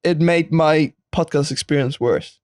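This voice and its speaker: A man's voice: a little high, unhurried, a little mellow, no room sound. A man co-hosting a casual podcast, joking around and laughing often. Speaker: podcast co-host. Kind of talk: casual chat.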